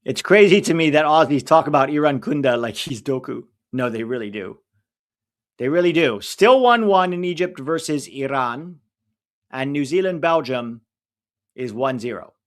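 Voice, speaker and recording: Animated man hosting a live stream. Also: fairly high pitch, moderate pace. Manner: animated, rattles off lists, laughs often, answers chat. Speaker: host of a live match watch-along stream. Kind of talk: casual chat, live stream reaction.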